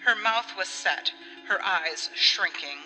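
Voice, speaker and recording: A woman narrating an audiobook story in an expressive way, acting out the dialogue. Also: fairly low pitch, slow pace. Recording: long reverb with faint music.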